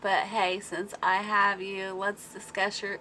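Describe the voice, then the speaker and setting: A woman hosts a relaxed livestream in a bright, forward voice, talking at an easy, unhurried pace. She rambles through stories, answers her chat aloud and breaks into frequent laughter. A faint hum sits under her voice. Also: mid-range voice. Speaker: livestream host reading viewer chat. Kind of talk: casual chat.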